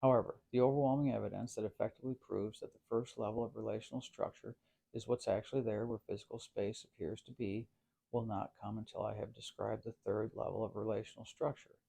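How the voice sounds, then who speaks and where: A man giving a scripted philosophical narration in a measured, formal way, with long winding sentences. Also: on the low side, steady tone, vocal fry, warm tone, husky.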